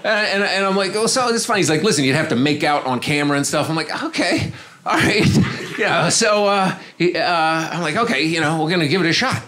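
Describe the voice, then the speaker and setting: Male comic on a club stage, talky and loose, drops his voice low for other people's lines. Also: a little fast, fairly bright tone. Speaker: stand-up comedian. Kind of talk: stand-up storytelling. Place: comedy club stage with audience.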